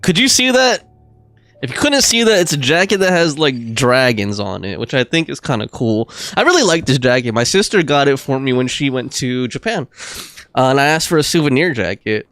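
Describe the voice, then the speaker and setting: A man's voice: medium pitch, very animated, brisk, a bit bright, no room sound, soft background music. A young man livestreaming a game, chatting casually, rambling through restarts and laughing often.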